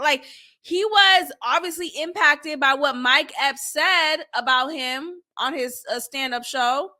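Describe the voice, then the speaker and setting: Woman host, high bright voice, animated commentary. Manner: animated and expressive, acts out quotes. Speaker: podcast host reviewing an interview. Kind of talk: casual commentary.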